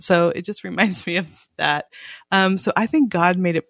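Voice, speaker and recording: A woman's voice: fairly low pitch, normal speed, gravelly, dry recording, clean studio sound. A woman in her thirties or forties co-hosting a podcast, chatting casually about a Bible reading, laughing often and reading scripture aloud. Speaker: podcast co-host.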